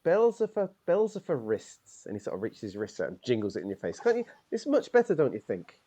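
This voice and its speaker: Man doing a proud middle-aged Morris dancer for a role-play game: opinionated, rambling, lively up-and-down delivery. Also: mid-range voice, fairly quick. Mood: boastful. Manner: opinionated, rambling, says "aye". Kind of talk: improvised character role-play.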